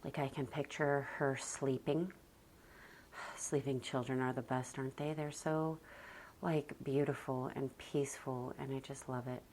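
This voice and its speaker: Woman, homeschool mom vlogging, very deep voice, calm and soft-spoken, sighs between thoughts. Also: measured pace, slight background noise. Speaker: homeschooling mother and parenting vlogger. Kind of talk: casual reflective talk to camera.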